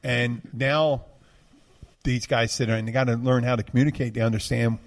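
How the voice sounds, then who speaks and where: A man's voice: mid-range voice, steady tone, normal speed. Rambling man. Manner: rambling, digressive, full of restarts. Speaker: podcast host. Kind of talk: casual chat.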